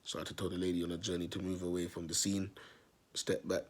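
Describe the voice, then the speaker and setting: A man's voice: low voice, little pitch movement, fast. A man telling a long story to his viewers in street slang, repeating himself and calling out to them as people. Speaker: self-styled prophet vlogger. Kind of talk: rambling storytelling monologue.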